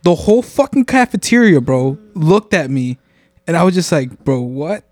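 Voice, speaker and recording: A man's voice: on the high side, very animated, moderate pace, darkish tone, dry recording, clean studio sound. A young man co-hosting a podcast, telling an embarrassing school story in slangy, self-mocking chat. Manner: slangy, self-mocking, says bro a lot. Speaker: podcast co-host.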